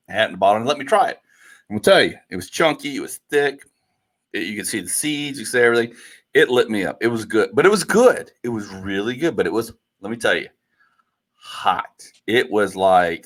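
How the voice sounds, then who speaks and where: A man co-hosting a podcast, telling a funny story in a casual, animated way and laughing often. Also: fairly low pitch. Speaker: podcast co-host.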